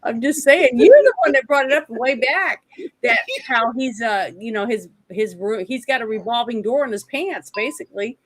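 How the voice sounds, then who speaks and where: A woman's voice: a little high, expressive, moderate pace. A woman co-hosting a casual movie review podcast, retelling scenes in a rambling way with lots of asides. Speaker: podcast co-host.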